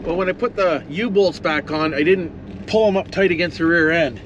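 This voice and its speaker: Middle-aged guy, a bit high-voiced, rambling driving vlog, truck-cab road noise. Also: moderate pace. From Ontario, Canada. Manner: folksy, rambling, talks to passing animals. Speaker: vlogger. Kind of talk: casual driving commentary. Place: inside a moving old pickup truck. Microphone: camera mounted in the truck cab. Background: engine and road noise.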